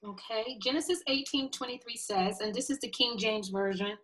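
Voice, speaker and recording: A woman with a high, bright voice hosts a casual Bible study chat. She reads old scripture slowly and carefully, with small laughs along the way. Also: low-quality recording. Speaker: podcast co-host.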